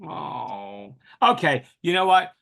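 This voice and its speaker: Flamboyant guy in his 60s, high bright voice, all over the place, big dramatic gasps. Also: slow pace, gravelly. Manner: animated and flamboyant, scatterbrained, dramatic exclamations. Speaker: podcast guest. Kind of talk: casual podcast conversation.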